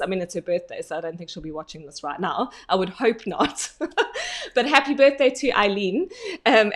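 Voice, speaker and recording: Woman, online coach, relaxed live-stream delivery, talky, quick to laugh, loose with fillers. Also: mid-range voice. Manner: chatty, laughs often, many fillers. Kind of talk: casual live online training.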